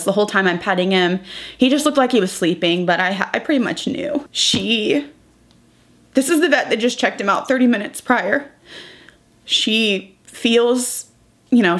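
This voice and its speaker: A young woman vlogger, crying as she talks through a painful personal update. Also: mid-range voice. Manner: tearful, breaking up while retelling. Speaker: beauty vlogger. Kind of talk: emotional personal vlog.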